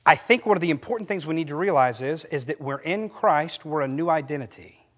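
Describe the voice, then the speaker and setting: A man's voice: a little high, fairly quick. A middle-aged male pastor preaching a sermon, telling stories with a voice that climbs for quoted lines. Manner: animated storytelling, voice rising for quoted lines.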